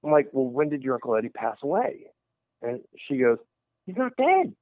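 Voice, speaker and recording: A man's voice: medium pitch, fairly quick, no room sound. Man telling a story over a tinny phone line. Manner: animated storyteller who acts out quoted voices. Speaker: paranormal investigator guest. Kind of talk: storytelling in a radio interview.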